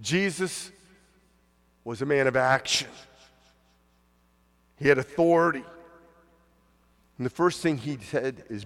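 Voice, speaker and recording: A man's voice: mid-range voice, takes it slowly, pauses often, a bit bright, big-room sound. A man preaching a conversational sermon as pastor, now and then acting out the voices of the people he quotes.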